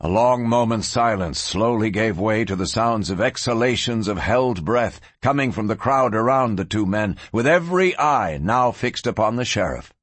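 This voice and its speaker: A man narrating a western audiobook in an expressive, varied storytelling voice. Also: fairly low pitch, moderate pace, hardly any pauses, no room sound.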